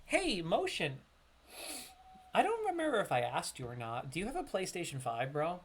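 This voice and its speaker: A man casually commenting on his game during a live stream, chatting with viewers and now and then breaking into loud excited yelps. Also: on the high side.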